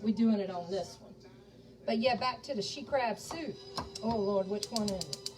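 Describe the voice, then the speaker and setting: A woman's voice: mid-range voice, moderate pace, distant mic, rough recording. A woman from Charleston with a Southern American accent, hosting a live cooking demonstration in a home kitchen and chatting folksily to her viewers as she cooks. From Charleston, South Carolina. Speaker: cooking show host. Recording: voice a bit off-mic with faint music behind.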